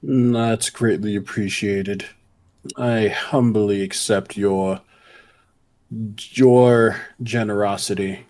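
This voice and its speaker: Man, tabletop player, slow and low, halting. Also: steady tone, a little mellow. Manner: hesitant, slightly formal in character. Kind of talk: tabletop role-play.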